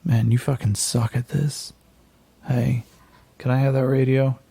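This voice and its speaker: A man doing a gravelly, cursing fighter. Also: medium pitch, little pitch movement, measured pace, warm tone, dry recording, full character voice. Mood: annoyed. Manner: profane, blunt, commanding. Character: hard-bitten male resistance fighter rallying troops.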